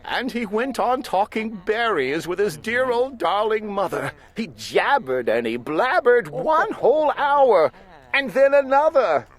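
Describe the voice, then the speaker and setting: Animated slow storybook-reading woman. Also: fairly high pitch. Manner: animated, playful rhyming delivery. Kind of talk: storybook read-aloud.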